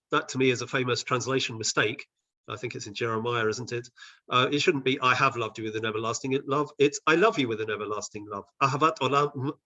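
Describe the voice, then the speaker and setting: A man who advises on Bible translation, leading a session on a video call with thoughtful explanations, often pausing and restarting. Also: mid-range voice, sharp tone. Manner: thoughtful, with frequent hesitations and restarts. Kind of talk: explanatory teaching talk.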